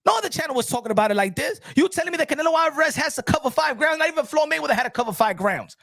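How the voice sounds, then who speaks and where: A man giving animated boxing commentary, ranting excitably with many restarts. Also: very high voice, racing, vocal fry, dry recording, studio quality.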